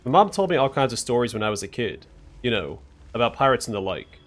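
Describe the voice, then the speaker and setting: A man's voice: mid-range voice, sing-song, fast, natural voice. Man reading as a sulking young man. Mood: glum. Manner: muttering, self-deprecating. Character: young man, ashamed and bitter.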